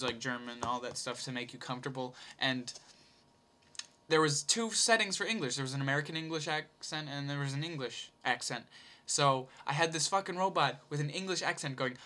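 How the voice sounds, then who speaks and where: A man with a fairly high, bright and forceful voice rambles through an improvised story. He talks casually, swears freely and breaks into laughs as he goes. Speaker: host telling a story.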